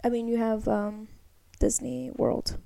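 Woman co-host from Texas: fairly high, excitable, tends to stumble mid-sentence. Casual podcast chat. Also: unhurried, creaky. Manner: excitable, loud when excited, stumbles over words.

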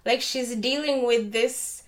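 A woman chatting casually, telling a story with lively acted-out voices of other people. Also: on the high side, slow. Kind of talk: casual chat.

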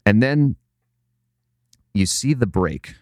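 A man with a very low, smooth, resonant voice, recorded close and dry. He chats casually and profanely, piling up fillers as he retells a scene. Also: animated, slow pace, darkish tone, dry recording. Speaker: podcast co-host. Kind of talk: casual chat.

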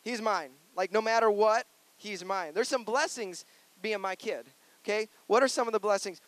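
A man's voice: high voice, normal speed, a bit bright, no echo. A male pastor preaching a sermon, playful and conversational, earnest and personal.

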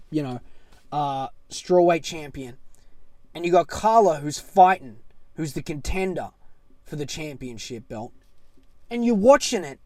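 A man rants on his podcast in an excitable, foul-mouthed way, jumping between loud outbursts and low mutters. His voice sits a little high for a man. The sound is dry and close, with no room around it. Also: no room sound. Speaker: podcast host. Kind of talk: casual solo podcast rant.

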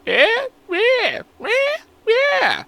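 A man putting on a high, goofy, drawn-out voice to mock a dopey male friend. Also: wildly swooping pitch, gravelly, pushed and bright, no echo, full character voice.

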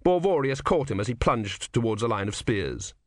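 A man reading a novel aloud as an audiobook narrator, telling the story in a wry, measured way. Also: mid-range voice, big pitch swings, dry recording, clean studio sound. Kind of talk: scripted narration.

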